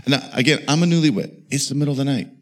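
A man's voice: mid-range voice, fast. Folksy older man preaching a sermon. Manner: storytelling, folksy and humorous. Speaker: evangelist. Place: church.

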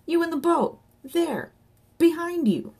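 A woman's voice: low-pitched, very animated, fairly quick, slightly rough, exaggerated voice. A woman reading an audiobook voices an anxious, stubborn man who talks earnestly and insistently. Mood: frantic. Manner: earnest, insistent, frantic when shouting. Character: anxious, stubborn grown man, easily agitated.

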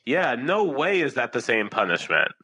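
A man's voice: mid-range voice, big pitch swings, normal speed, pushed and bright, husky. A man co-hosting a podcast, casually and bluntly critiquing a sitcom episode and mockingly quoting its characters. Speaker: podcast co-host.

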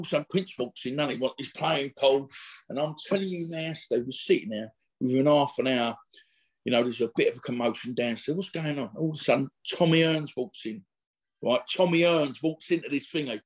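A middle-aged man talks in a rambling, slangy way, stopping and restarting as he acts out what others said. His voice sits a little higher than most men's. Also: animated, a little fast. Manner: rambling and slangy, full of restarts and acted-out quotes. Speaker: interview guest. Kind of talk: casual anecdotal storytelling.

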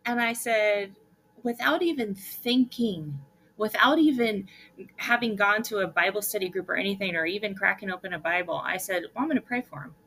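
Bright lady guest on a podcast, animated storyteller, does little voices for people in her stories. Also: medium pitch, moderate pace. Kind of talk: casual interview storytelling.

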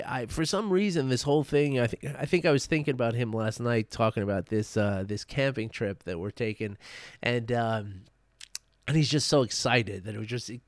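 A man in his thirties talks straight to camera, tearful and emotional. He speaks in an earnest, halting way, with many fillers and restarts. His voice sits at an ordinary pitch and sounds dry and close, with no room sound. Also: no room sound. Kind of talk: personal reflective vlog.

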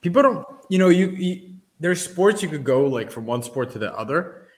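A man co-hosting a casual sports and trading-card chat, explaining his points eagerly and in an animated way. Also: on the high side, normal speed, a little hiss or hum. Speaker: co-host.

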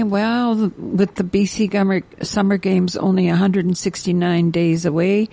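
An older woman, hosting a community radio show, reading announcements in a halting way with many fillers. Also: lowish voice, vocal fry, warm tone. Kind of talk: casual radio chat and announcements.

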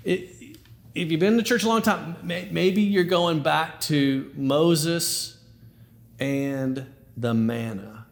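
A man delivers a sermon in a playful, conversational manner. He often repeats words as he builds toward a point, and his voice sits notably high for a man. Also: slow pace, creaky. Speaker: pastor.

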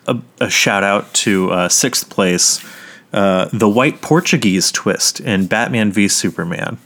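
A man's voice: lowish voice, a little slow. A man co-hosting a casual podcast, telling movie stories with energy, swearing freely and acting out quotes. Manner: animated storytelling, swears freely, acts out quotes. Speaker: podcast co-host.

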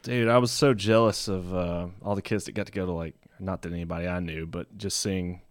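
A man with a low, deep voice from chats casually as a podcast co-host. He talks in an excitable way and says "dude" and "man" a lot. The sound is dry and close, with no room echo. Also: a little fast. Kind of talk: casual chat.

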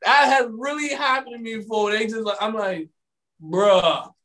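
High bright-voiced man, animated storytelling. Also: a little fast. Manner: animated storytelling, acting out exchanges with quoted voices. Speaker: podcast host. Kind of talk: casual chat. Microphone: studio microphone.

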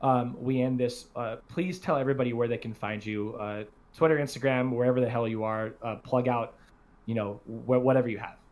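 A man's voice: mid-range voice, fairly even intonation, fairly quick, darkish tone. A man in his thirties hosting a podcast, telling family stories in casual chat, laughing and swearing freely. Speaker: podcast host.

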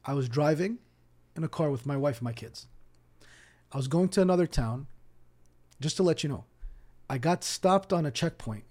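Mellow, higher-voiced Palestinian-born imam. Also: male voice, normal speed, long pauses. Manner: animated storyteller who acts out dialogue; repeats words as he restarts. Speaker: imam and podcast guest. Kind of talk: casual storytelling interview.

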